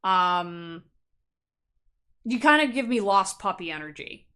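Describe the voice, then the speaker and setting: A woman giving a casual pick-a-card tarot reading in a chatty, animated way, laughing often and playfully acting out quoted thoughts. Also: medium pitch, slow pace, clean tone. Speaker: tarot reader.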